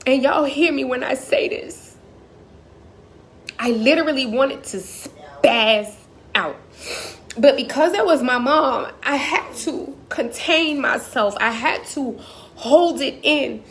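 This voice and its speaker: A woman's voice: high-pitched, slow, slight background noise. A woman, giving an impassioned, emotional personal monologue as a motivational speaker. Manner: impassioned, talks straight to the audience.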